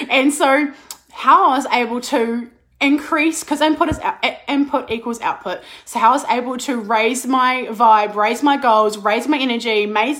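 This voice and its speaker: A bubbly, excitable woman, a business coach chatting on a live stream with a slight cold. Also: fairly high pitch. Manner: bubbly and excitable, laughs and restarts often. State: slight cold, clearing throat. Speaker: business and mindset coach, podcast host.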